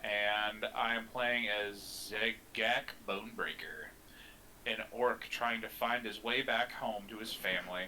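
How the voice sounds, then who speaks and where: A man's voice: fairly low pitch, fairly even intonation, measured pace, bright, forceful tone, a little hiss or hum, low-quality recording. A man in his thirties from Kansas City, chatting in a joking, laid-back way as a tabletop game player. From Kansas City, United States. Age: 30s. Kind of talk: casual chat.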